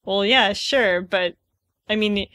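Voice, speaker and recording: A woman's voice: medium pitch, slow pace, sharp tone, no echo. A young woman with a mid-range voice co-hosts a casual podcast. She talks loosely, thinking aloud with plenty of fillers. The sound is close and dry. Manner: casual, uses "like" often, reflective. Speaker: podcast co-host. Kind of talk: casual chat.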